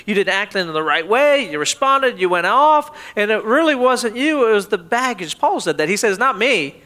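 Male pastor preaching; animated storyteller with a very high, bright voice. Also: moderate pace. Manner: animated storytelling, often laughing. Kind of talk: sermon.

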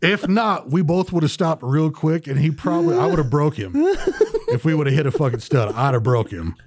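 A man's voice: on the high side, a little fast, no echo, clean studio sound. A man telling a wild story in casual podcast chat, swearing constantly and acting out the quotes.

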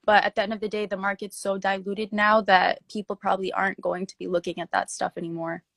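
A woman's voice: medium pitch, flat delivery, fast talker, gravelly, a bit bright, no room sound. Young woman, casual interviewee, slangy and filler-heavy, dry recording. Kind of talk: casual chat.

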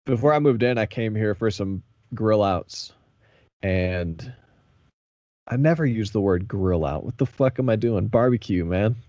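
A man from the American South chats on a podcast with a somewhat low voice. His talk is loose and laid-back and full of swearing. The sound is dry, with no room around it. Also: lively intonation, measured pace, warm tone, dry recording, muffled recording. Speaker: podcast co-host. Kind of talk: casual chat.

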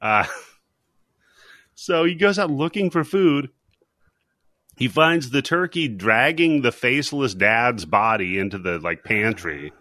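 Brief: laughing male host retelling a horror movie, bright and dry. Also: medium pitch, animated, slow pace, long pauses, no room sound. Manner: laughing, rambling storyteller. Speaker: podcast host. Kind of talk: casual movie recap chat.

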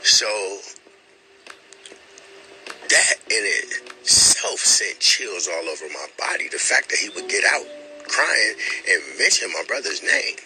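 A young man from the States, speaking, tells a personal story. His very low voice rings bright and clear, but he stumbles and repeats himself, full of fillers and earnest feeling. Faint music plays softly behind him. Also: sing-song, poor audio. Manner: halting, repeats words, many fillers; earnest and emotional.

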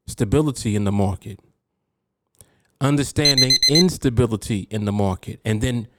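A man's voice: medium pitch, no echo, studio quality. Preachy man with a New York accent. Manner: preachy, rhetorical, keeps asking "you see?". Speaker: podcast host and trading coach. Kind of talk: solo podcast monologue.

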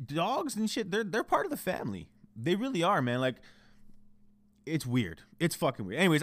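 A man's voice: mid-range voice, fairly bright tone, no room sound. A young Canadian man hosting a solo podcast from home, ranting in a profane, heated and confessional way, cranky. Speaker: podcast host.

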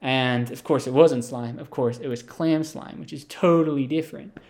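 A man telling an absurd comic story in a rambling, deadpan way, full of asides and fillers. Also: mid-range voice, normal speed. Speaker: comedic storyteller. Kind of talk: improvised comic monologue.

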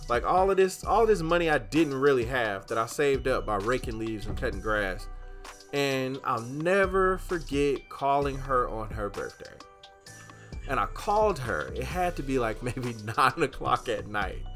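A young man with a bright, forceful voice tells a story on a podcast in a loose, casual way. He gets louder and higher as the story heats up, and faint music sits behind him. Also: unhurried. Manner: animated, gets loud and high when excited. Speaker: podcast host.

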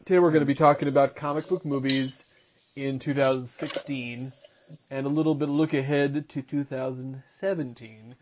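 A man hosting a casual podcast chat, introducing guests and running through topics in quick, chatty rundowns. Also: medium pitch, fairly even intonation, dull audio, slight background noise. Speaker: podcast host.

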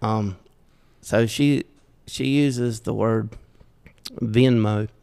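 Middle-aged southern guy from georgia, gravelly voice, chuckles a lot telling folksy stories, sounds like a big echoey room. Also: fairly low pitch, fairly even intonation, drawn-out words, warm tone. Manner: chuckles often, folksy, self-deprecating. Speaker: podcast guest. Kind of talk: casual storytelling. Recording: roomy with long reverb.

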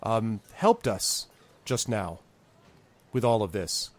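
A man's voice: fairly low pitch, animated, slow pace. A man voicing a polite, anxious woman who speaks hesitantly and stammers.

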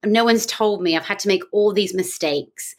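A young woman with a British accent tells stories on a podcast in a breezy, self-mocking way. Her voice sits at an ordinary middle pitch. She talks quickly and loosely, like a guest at ease. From Britain. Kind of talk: casual podcast chat.

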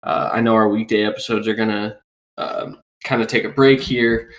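A man's voice: fairly low pitch, moderate pace. Sick man co-hosting a sports podcast. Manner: relaxed, rambling with fillers and laughs. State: sick with a cold, rough voice. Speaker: podcast co-host. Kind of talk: casual sports podcast chat.

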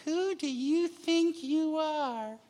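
A preacher playing a disapproving relative who scoffs at someone for talking big. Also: male voice, very high-pitched, takes it slowly, darkish tone, voice pushed up. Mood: taunting. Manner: scoffing, taunting. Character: mocking disapproving relative, man.

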